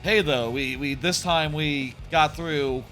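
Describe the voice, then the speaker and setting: Bright-voiced rambling male game streamer. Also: on the high side, takes it slowly, faint music behind. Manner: rambling, thinks aloud with fillers. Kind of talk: casual gameplay commentary.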